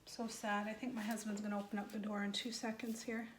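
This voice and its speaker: A woman's voice: medium pitch, level tone, quick pace, reverberant, a little hiss or hum. A woman giving a casual, rambling craft tutorial, talking into her phone camera, a little out of breath. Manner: chatty, rambling, self-deprecating. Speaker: craft vlogger.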